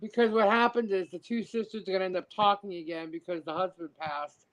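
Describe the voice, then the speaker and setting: A woman's voice: medium pitch, brisk, low-quality recording. Laughing woman in casual chat. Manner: laughs often, animated storytelling. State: cold. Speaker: podcast co-host.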